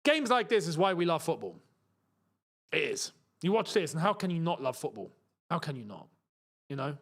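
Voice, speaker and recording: A young man hosting a live football watchalong, reacting to the match with chatty asides and excited outbursts. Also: on the high side, normal speed. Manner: excitable, shouts and laughs at chances, chatty asides.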